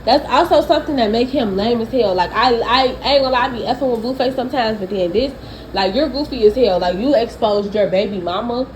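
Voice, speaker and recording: A young woman, giving blunt, profane, animated celebrity gossip commentary. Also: fairly high pitch, a little fast, slight background noise, rough recording.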